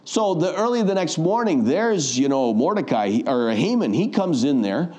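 Mellow-voiced man preaching a sermon. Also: fairly high pitch, big pitch swings, moderate pace. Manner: storytelling, acts out quoted voices.

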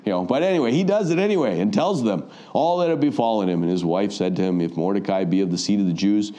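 Mellow-voiced man preaching a sermon. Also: lowish voice, animated, quick pace. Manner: storytelling, acts out quoted voices.

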